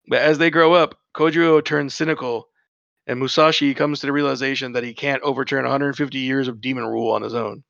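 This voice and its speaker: A man's voice: mid-range voice, creaky, a bit bright, no echo. A man co-hosting a casual podcast, reading show summaries aloud and talking enthusiastically, swearing freely. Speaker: podcast co-host. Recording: dull lo-fi dry mic.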